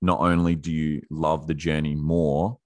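Man, young adult, very deep voice, motivational coach, casual and blunt, curses often, dry close recording. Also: level tone, measured pace, darkish tone, no echo. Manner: blunt, swears freely, self-interrupting. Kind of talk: casual motivational talk to camera.

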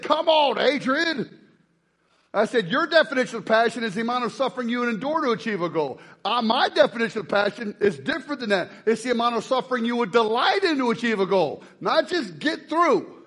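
High-voiced joking preacher man. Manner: joking, energetic, shouts to rouse the crowd. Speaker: pastor. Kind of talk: lively sermon to a congregation.

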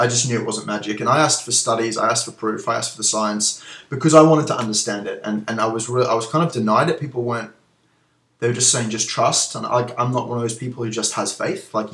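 A man's voice: medium pitch, a bit bright. A man who once owned a gym, being interviewed and talking candidly and reflectively, with plenty of fillers and restarts. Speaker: guest, former gym owner. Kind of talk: casual interview chat. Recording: echoey room.

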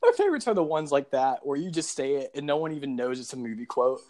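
A young man in a laid-back podcast chat. He talks easily and laughs often, with a plain, mid-pitched voice. His delivery stays relaxed and conversational. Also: quick pace. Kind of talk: casual chat.

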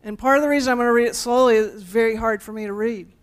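A woman's voice: fairly high pitch, rapid-fire. Woman preaching a casual sermon. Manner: conversational, playful asides to the congregation. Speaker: pastor.

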